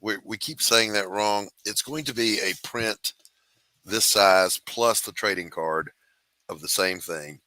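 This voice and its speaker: Male host, very deep yet bright voice, dry close sound, salesy pitch. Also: a little slow, no echo. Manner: upbeat, salesy and matter-of-fact. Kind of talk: casual chat and crowdfunding pitch.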